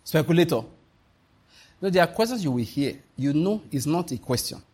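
A man's voice: on the high side, expressive, fairly quick, darkish tone, husky. A Nigerian man preaching a conversational, humorous sermon full of stories. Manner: humorous, storytelling, often laughing.

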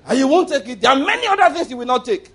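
A Nigerian pastor preaches a sermon in church, his voice very high-pitched, sing-song, very fast and a bit bright. He tells stories, repeats phrases for emphasis and leads the congregation in declarations.

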